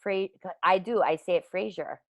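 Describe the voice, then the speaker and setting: A woman hosting a team business call, chatty and self-mocking and quick to laugh, talking into a computer mic on a live call. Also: medium pitch, expressive, fairly bright tone, no echo. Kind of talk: casual chat. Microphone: speaking into a computer mic on a live call.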